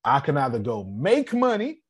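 A man's voice: medium pitch, huge pitch swings, moderate pace, slightly rough. A man hosting an online business meeting, giving a casual motivational talk, repeating himself and often checking that listeners understand.

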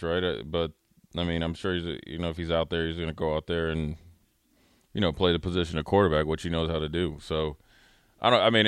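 A man's voice: deep voice, a bit bright, smooth, no room sound. A man who once played the game, co-hosting a sports talk show in a rambling, filler-heavy way. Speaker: sports radio co-host, former player.

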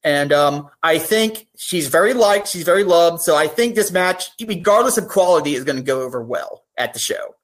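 A woman's voice: fairly low pitch, expressive, moderate pace, few pauses. A woman speaking as a guest on a podcast in casual chat, with an earnest, heartfelt way of talking things through. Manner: earnest, heartfelt, talks through ideas at length.

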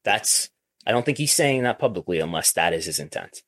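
A man's voice: on the low side, expressive, fairly quick, a bit bright, dry recording, clean studio sound. A man hosting a business podcast, talking casually and thinking aloud, often restarting his sentences. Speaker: podcast host.

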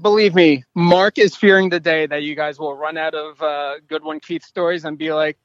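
A man's voice: a little high, fairly even intonation, moderate pace, no room sound. A man chatting casually on a podcast, laughing easily and joking. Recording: dull dry lo-fi sound.

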